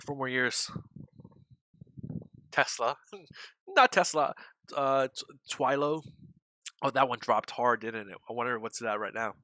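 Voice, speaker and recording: Rambling bright-voiced male stream host. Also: mid-range voice, slow, long pauses, no room sound. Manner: rambling, swears, laughs, frequent restarts. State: hiccuping. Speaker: day trading livestream host. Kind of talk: casual market chat.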